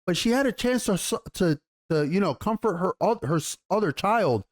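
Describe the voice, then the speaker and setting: A man giving a casual, excited review of a TV episode, rambling and swearing casually as he goes. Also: high-pitched, normal speed. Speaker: TV show reviewer.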